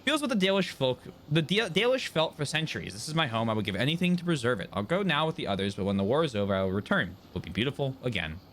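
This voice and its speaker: A man's voice: medium pitch, big pitch swings, quick pace, hardly any pauses, a bit bright, slight background noise. A man reading aloud as a homesick elf-blooded man mourning his war-torn homeland, with small stumbles. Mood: mournful. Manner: reads game dialogue aloud with small stumbles.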